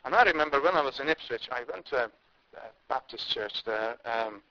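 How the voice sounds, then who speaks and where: A man's voice: mid-range voice, animated, normal speed. A man from India preaching a sermon, impassioned, with emphatic rises and repeated words. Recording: dull lo-fi recording.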